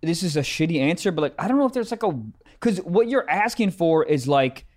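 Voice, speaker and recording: A young man with a slightly high voice co-hosts a comedy podcast. His pitch swoops all over as he moves from loud, blunt jabs to low muttered asides, and he swears freely in casual banter. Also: lively intonation, fairly quick. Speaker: podcast co-host.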